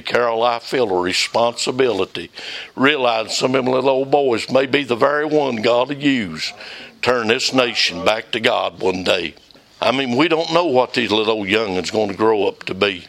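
A man's voice: mid-range voice, lively intonation, normal speed, fairly bright tone. An older man preaching a fervent, folksy sermon in a church, calling out members of the congregation by name.

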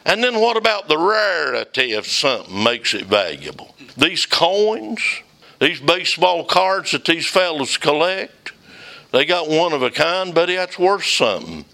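A man's voice: medium pitch, bright, forceful tone. An older man preaching a fervent, folksy sermon in a church, calling out members of the congregation by name.

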